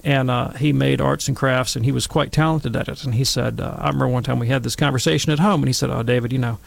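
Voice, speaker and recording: A middle-aged man telling wry, animated stories and commenting on scripture in a casual talk. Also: mid-range voice, fast talker, vocal fry, no echo. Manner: wry, animated anecdotes with acted quotes.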